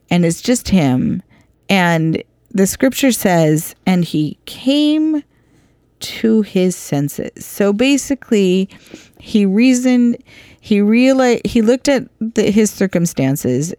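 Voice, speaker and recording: A woman giving an informal, earnest bible teaching, halting with many restarts. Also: medium pitch, a little mellow, no echo, clean studio sound.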